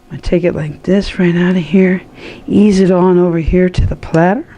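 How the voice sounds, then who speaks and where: A woman's voice: fairly low pitch, steady tone, moderate pace, dark tone, slight background noise. Chatty woman hosting a cooking show. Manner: chatty and enthusiastic, talks to viewers. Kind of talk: casual cooking demonstration.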